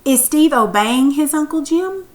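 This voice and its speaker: A woman's voice: high-pitched, lively intonation, measured pace, a little mellow, a little hiss or hum, poor audio. A woman teacher reading a story aloud and then asking questions about it patiently.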